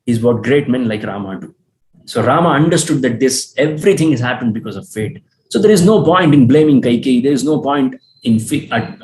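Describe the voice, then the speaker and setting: In a medium-pitched, somewhat dark voice, a man tells an epic as a lecture, earnestly repeating points for emphasis and now and then restarting a line. He comes across as a storyteller and teacher explaining the tale, and the low-quality recording has a little hiss or hum.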